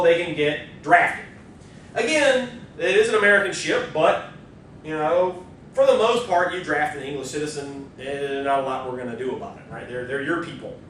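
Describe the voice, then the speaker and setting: A man giving a university history lecture in a casual, conversational way, with quick asides. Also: a bit bright. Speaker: history professor. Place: lecture hall. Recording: distant mic, very echoey lecture hall, faint rumble.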